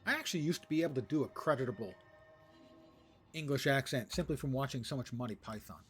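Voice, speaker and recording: A man's voice: mid-range voice, animated, fast talker, a bit bright. A man streaming an online game, making wry, joking asides about his loot and the story as he plays. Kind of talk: casual gameplay commentary. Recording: streamed voice over game music.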